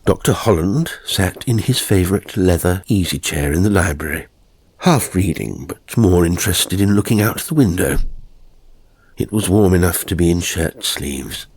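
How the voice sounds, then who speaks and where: A man reading a horror story in a slow, measured scripted narration, dropping to a hush at times. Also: low-pitched, animated, breathy edge, dry recording.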